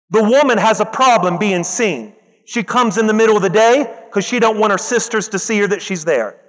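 A male preacher with a strikingly high voice delivers an emphatic sermon, repeating lines for weight and calling out to the room. His voice rings with long reverb from a large hall. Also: fairly quick, fairly bright tone. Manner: emphatic, repeats phrases for effect, calls out to the congregation.

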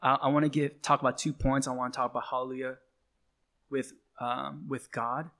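A male pastor delivering a sermon, repeating key phrases slowly and with emphasis. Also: mid-range voice, little pitch movement, fairly bright tone.

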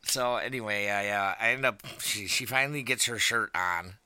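A man's voice: lowish voice, normal speed, pushed and bright, clear, resonant tone, dry recording, clean studio sound. A man telling a rambling, profane story in casual chat, laughing as he goes.

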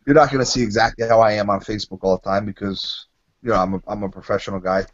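A man in casual podcast chat, telling animated, profanity-laced stories. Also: fairly low pitch, fast talker, highs cut off.

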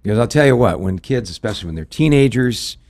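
A man's voice: mid-range voice, lively intonation, quick pace, darkish tone. A middle-aged man, a pastor, talking in a folksy way, telling stories and quoting scripture in a ministry radio discussion. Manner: folksy, anecdotal, quotes scripture.

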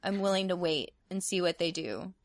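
A woman co-hosting a casual podcast chat, agreeable and quick with short affirmations. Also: on the low side, animated, dry recording, clean studio sound.

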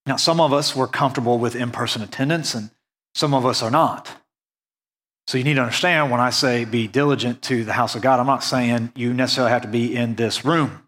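American guy preaching, earnest and chatty, mid-pitch voice, slows way down to hit the big points. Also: fairly bright tone. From United States. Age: adult, went on a mission trip after high school. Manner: earnest, conversational preaching with emphatic slow stresses. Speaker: pastor. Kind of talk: sermon.

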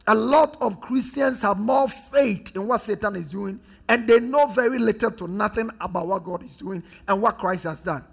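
A man from Ghana preaching a sermon, leading the congregation in call-and-response and swinging from loud declarations to hushed repetition. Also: high voice, moderate pace, gravelly, hardly any pauses, husky. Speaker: pastor.

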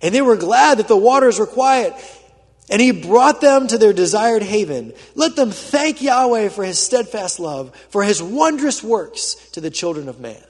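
A man preaching in a church auditorium, his voice sitting high and a little husky. He tells the story with drama, surging loud and then falling nearly silent. A long reverb trails every phrase. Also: sing-song, moderate pace. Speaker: pastor. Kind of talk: sermon. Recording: reverberant hall.

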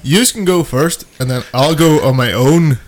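A man's voice: a little high, moderate pace. A man co-hosting a podcast, teasing his friends in casual chat. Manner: teasing, laughing. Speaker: podcast co-host.

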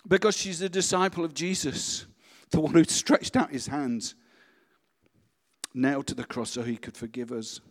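A man preaching a sermon and leading a congregation in quiet prayer. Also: fairly high pitch, fairly even intonation, moderate pace, long reverb tail. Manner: reads a story aloud, then speaks softly and prayerfully. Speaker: pastor.

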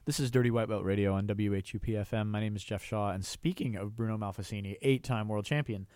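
A man's voice: lowish voice, steady tone, fast talker, darkish tone, clear, resonant tone, dry recording. A man hosting a radio show, chatty and enthusiastic as he talks with a guest in the studio. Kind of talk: casual radio interview. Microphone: studio mic.

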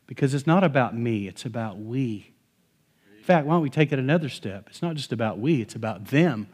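A middle-aged male pastor preaching a sermon in a conversational, animated way, with touches of humor. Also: medium pitch, brisk, husky.

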